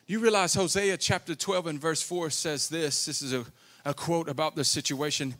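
A man preaching a sermon as a guest speaker, emphatic and fervent, often saying "come on" and sometimes dropping to a quiet, low voice. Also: fairly even intonation, moderate pace. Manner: drops to a low, quiet voice in long passages.

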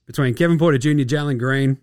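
A man with an Australian accent hosting a casual basketball podcast, sarcastic and profane, often mimicking players in quick asides. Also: medium pitch, a little mellow, no echo, clean studio sound, faint music behind. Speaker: podcast host.

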